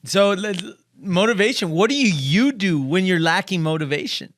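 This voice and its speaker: A man hosting a podcast interview in an easygoing way, asking questions and quickly agreeing. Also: high voice, lively intonation, a bit bright, dry recording, clean studio sound. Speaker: podcast host.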